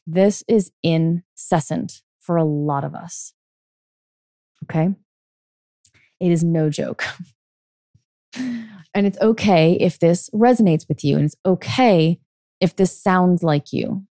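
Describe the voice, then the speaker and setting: Low mellow-voiced woman coaching on her podcast, earnest, keeps saying okay, dry close sound. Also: slow, long pauses, dry recording. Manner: earnest, coaching tone, frequent "okay?" check-ins. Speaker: podcast host and life coach. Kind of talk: solo podcast monologue.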